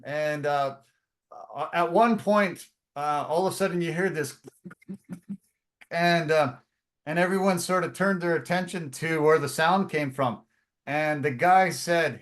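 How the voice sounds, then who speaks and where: A man co-hosting a sports podcast, telling stories in a casual, animated way with plenty of fillers and restarts. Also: sits high, normal speed. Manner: animated storyteller, acts out quotes.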